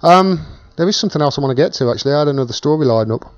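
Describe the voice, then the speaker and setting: A man's voice: fairly high pitch, expressive, racing, dry recording. British man, live-stream host, casual chat, dry close sound, muffled lo-fi audio. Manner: chatty, thanks viewers by name while reading comments.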